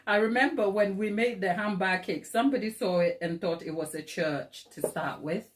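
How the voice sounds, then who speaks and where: A woman's voice: medium pitch, moderate pace, a little hiss or hum. A woman giving a live cake decorating tutorial in a kitchen, chatting and laughing often at herself.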